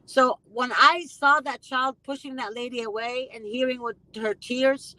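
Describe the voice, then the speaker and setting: A woman's voice: high voice, steady tone, a little slow, few pauses, sharp tone, dry recording, poor audio. A woman hosting a casual conversation, talking emphatically and passionately and often repeating herself for weight. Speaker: host; mother.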